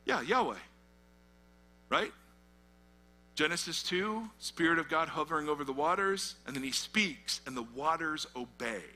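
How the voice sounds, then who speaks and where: A man's voice: on the high side, expressive, a little slow, pauses often, sharp tone. A middle-aged man, a pastor, preaching a conversational sermon and quizzing his listeners with fill-in questions. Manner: asks the audience fill-in questions, conversational and emphatic. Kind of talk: sermon, teaching through a Bible passage.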